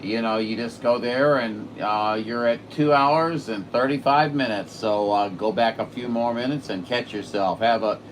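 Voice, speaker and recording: A man on his home radio setup, chatting excitedly on the air with a distant station. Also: medium pitch, normal speed, hardly any pauses, a little hiss or hum. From Saint Louis, Missouri. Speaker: radio operator streaming live. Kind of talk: casual radio chat.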